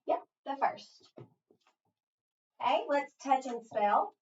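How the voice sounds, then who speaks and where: A woman's voice: sits high, expressive, slow pace, long pauses, a little mellow. A woman teacher leading a phonics lesson, spelling words out letter by letter and coaching a learner. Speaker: reading teacher. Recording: roomy, distant, dull lo-fi.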